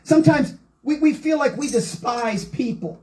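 Fervent high-voiced woman preacher. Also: normal speed, darkish tone, low-quality recording. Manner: fervent preaching, quoting scripture aloud. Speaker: Pentecostal preacher. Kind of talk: sermon.

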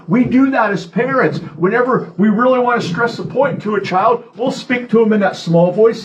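A man's voice: very high-pitched, brisk, hardly any pauses, poor audio. A man preaching a sermon from a church podium, earnest and repeating key phrases for emphasis. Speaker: pastor.

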